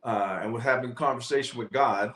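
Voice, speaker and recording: A man's voice: medium pitch, fast talker, fairly bright tone, reverberant. A man giving a sermon-style teaching in a conversational way, often checking in with the listeners. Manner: conversational, frequent "um" and "okay?". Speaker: professor and speaker.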